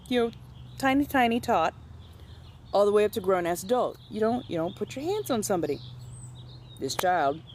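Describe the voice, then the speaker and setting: A woman's voice: low-pitched, a little hiss or hum. A young woman chatting casually with followers while doing her makeup, telling stories in a blunt, profane way and acting out the people she talks about. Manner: animated, acts out other people in quoted voices.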